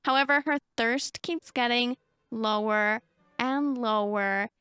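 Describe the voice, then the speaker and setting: A woman hosting a gaming video, narrating her game excitedly and addressing her viewers. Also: on the high side, takes it slowly, clean tone, no echo, clean studio sound. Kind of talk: game commentary.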